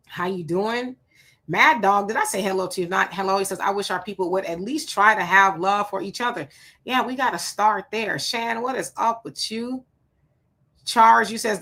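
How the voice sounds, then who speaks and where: Bright-voiced woman hosting a chatty livestream. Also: medium pitch, gravelly. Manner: chatty, greets viewers by name and reacts to comments. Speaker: livestream host. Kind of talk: casual livestream chat reading viewer comments. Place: home room. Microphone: home streaming setup.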